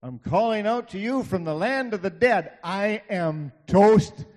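A man voicing a despairing man crying out as he faces death, loud and drawn out. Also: sits high, animated, long reverb tail, voice pushed up. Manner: loud, slow, drawn-out anguish.

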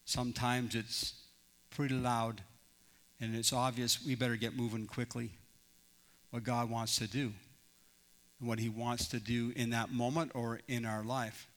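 A man's voice: mid-range voice, level tone, unhurried, pauses often, fairly bright tone. A male pastor preaching a sermon in an earnest storytelling manner, often restarting his phrases. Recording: long reverb in a large hall.

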